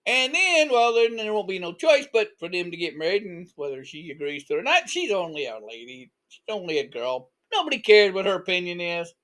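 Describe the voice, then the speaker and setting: A man's voice: high voice, big pitch swings, a little fast, fairly bright tone. A man doing a smug scheming lord. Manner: smug, bossy, drawling. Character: scheming arrogant middle-aged male lord.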